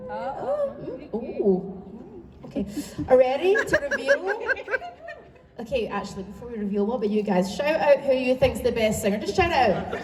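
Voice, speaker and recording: A Scottish woman from the UK moderates a live panel in a large convention hall, chatty and self-deprecating, her high voice swinging widely in pitch at a moderate pace. It was captured on a phone from the audience, so it sounds distant and echoey, with crowd noise around it.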